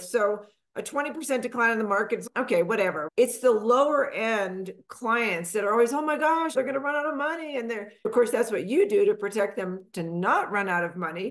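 A middle-aged woman from Texas, a financial advisor guest, telling her story in a lively conversational way and acting out the people she quotes. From Texas, USA. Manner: animated, acts out quotes with big pitch jumps.

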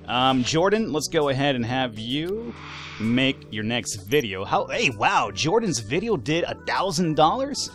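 A man giving casual, animated let's-play commentary, swearing, laughing and talking back to the game's characters. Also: a little high, moderate pace, faint music behind. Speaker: gaming YouTuber.

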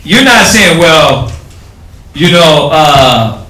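A man teaching a class, explaining things casually and haltingly with many fillers. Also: a little high, big pitch swings, sharp tone, slight background noise. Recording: echoey room with faint ambience.

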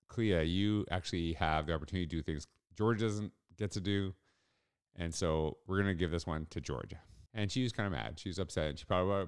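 A man's voice: low-pitched, smooth. A middle-aged man hosting a solo podcast, telling a story in an earnest, reflective way. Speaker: podcast host.

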